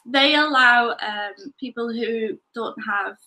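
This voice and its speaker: A woman's voice: on the high side, slow pace, pushed and bright, rough recording. A woman with a North Yorkshire accent, slightly tinged with Scottish, co-hosting a casual chat and explaining things. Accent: North Yorkshire with a little Scottish. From North Yorkshire, England. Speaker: co-host.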